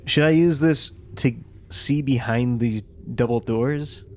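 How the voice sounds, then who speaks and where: Slow-talking young man at a game table. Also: mid-range voice. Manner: slow, jokey, laughs through lines. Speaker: player. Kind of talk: casual chat, playing a tabletop game.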